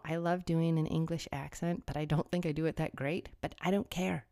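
A woman's voice: sits low, steady tone, a little fast, hardly any pauses, dark tone, dry recording, studio quality. A woman delivering a sarcastic political commentary monologue, full of rhetorical questions.

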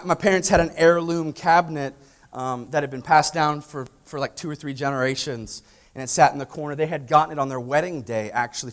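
A man preaching a sermon, telling a lively story and acting out family dialogue, then asking the congregation direct questions. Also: mid-range voice. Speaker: pastor.

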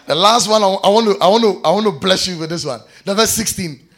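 Male preacher, fervent sermon delivery, high, gravelly voice. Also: quick pace. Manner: shouts scripture, then drops to soft prayer.

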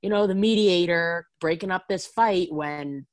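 A woman chatting casually about reality TV, full of "like" and quick asides. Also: fairly low pitch, dry recording. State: has the hiccups.

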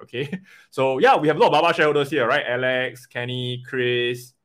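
A man coaching an investing webinar live, animated and often checking in with "right?" and "okay?". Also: mid-range voice, fairly quick.

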